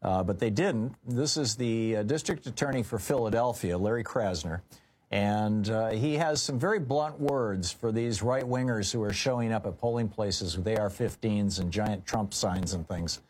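Radio host, husky voice, chatty and opinionated, takes callers. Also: male voice, fairly low pitch, moderate pace, darkish tone. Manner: conversational, opinionated, many fillers. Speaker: radio talk show host. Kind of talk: call-in talk radio.

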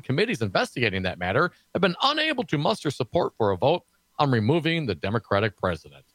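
A man's voice: medium pitch, a bit bright, no echo, poor audio. A man co-hosting a political talk show, reading news items aloud with sarcastic asides. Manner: sarcastic asides between read quotes. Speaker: co-host.

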